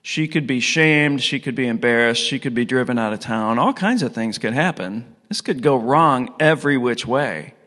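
A man's voice: medium pitch, animated, moderate pace, hardly any pauses, fairly bright tone. Middle-aged guy preaching in a church hall, chatty, asks the crowd stuff, long echo. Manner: casual, storytelling, asks the audience questions. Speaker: pastor. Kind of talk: conversational sermon.

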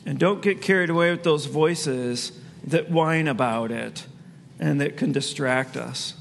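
Man, pastor, conversational sermon, fairly high gravelly voice, long church-hall reverb. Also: a little slow, slight background noise. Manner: conversational preaching, laughs at own asides.

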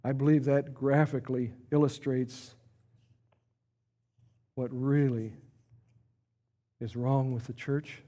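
A man preaching a sermon who retells a story in a vivid, animated way. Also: medium pitch, slow pace, pauses often.

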